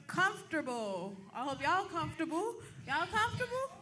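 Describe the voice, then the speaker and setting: A woman's voice: very high voice, big pitch swings, normal speed. A woman calling bingo words to a crowd at a community event, playful and laughing, stretching out her calls over a live microphone. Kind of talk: hyped-up game calling to a crowd. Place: large event room with tables. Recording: live PA with music playing behind.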